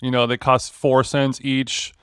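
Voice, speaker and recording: A man's voice: mid-range voice, completely flat delivery, a little slow, smooth, no echo, clean studio sound. A man co-hosting a casual podcast chat, wisecracking and teasing his guest. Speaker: podcast co-host.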